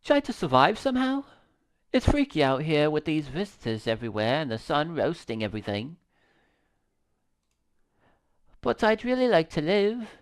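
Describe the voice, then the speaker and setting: A shy, stammering young woman pleads softly for a place to stay, voiced by a man reading game lines aloud. Her pitch sits raised and high for the reader and wanders up and down, full of apologetic pauses. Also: sing-song. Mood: anxious. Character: timid young woman drifter, pleading for shelter.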